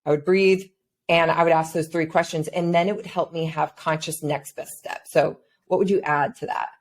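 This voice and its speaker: A woman's voice: low-pitched, steady tone, normal speed. A woman hosting a podcast, reflectively retelling her own past thoughts in casual conversation. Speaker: podcast host.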